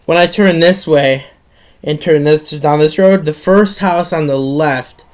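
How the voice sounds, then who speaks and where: A man's voice: fairly high pitch, measured pace. A teenage boy telling a story in a casual monologue, rambling with many restarts and some swearing.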